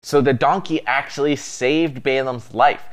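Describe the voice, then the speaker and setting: Male co-host, casual Bible storytelling, animated, easygoing delivery. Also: mid-range voice, a little slow. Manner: lively, amused storyteller.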